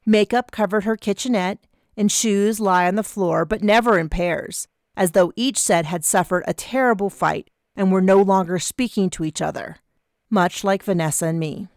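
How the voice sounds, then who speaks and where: A woman narrating a first-person audiobook in a measured, wry way. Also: medium pitch, a little mellow, no room sound, studio quality.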